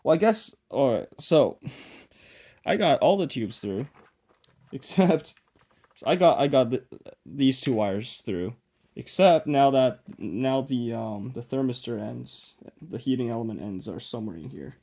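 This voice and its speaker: A young adult vlogger chats casually to the camera while working on a project, mumbling, poking fun at himself, and often trailing off before starting again. His mid-range voice is dark-toned, lively in intonation, and measured in pace.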